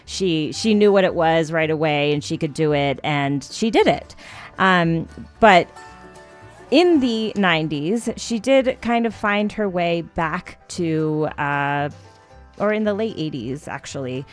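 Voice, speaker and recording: Community radio host, woman, low-pitched, easygoing studio talk with soft music under it. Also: slow. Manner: relaxed, conversational, with fillers. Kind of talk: pledge drive radio talk.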